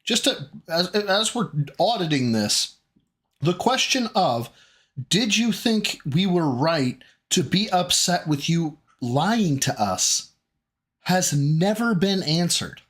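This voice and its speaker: A man's voice: high-pitched, very animated, slow, fairly bright tone. A man hosting a live reaction stream, heckling a clip with profane, mocking commentary.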